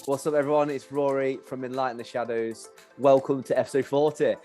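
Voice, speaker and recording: A man's voice: mid-range voice, level tone, brisk, mellow, faint music behind. A man hosting a podcast in a casual chat, laughing often and calling his guest brother. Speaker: podcast host.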